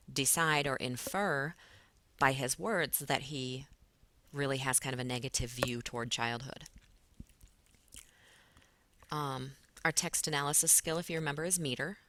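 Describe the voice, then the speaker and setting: A woman's voice: extremely low pitch, normal speed, pushed and bright. A woman English teacher giving a recorded lesson, explaining patiently with frequent fillers.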